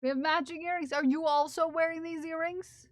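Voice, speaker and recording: A woman's voice: extremely high pitch, steady tone, brisk, dry recording. A woman live streamer chatting casually and playfully with her viewers, often giggling and teasing. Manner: playful, giggly, talks to chat. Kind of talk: casual livestream chat.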